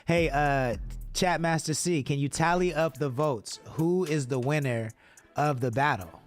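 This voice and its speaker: A man's voice: fairly high pitch, a little slow, soft background music. A man hosting a live hip-hop radio stream, chatting loosely and reading viewer comments aloud with plenty of swearing. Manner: loose, reads chat aloud, swears freely. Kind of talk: casual live-stream chat.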